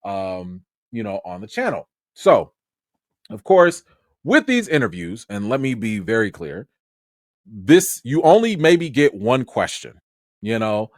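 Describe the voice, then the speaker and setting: A man from Chicago tells a story on his livestream in a slangy, excitable way, his pitch leaping up and down as he gets worked up. The sound is dry and close, with no room around it. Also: a little slow, no echo. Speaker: film critic and channel host.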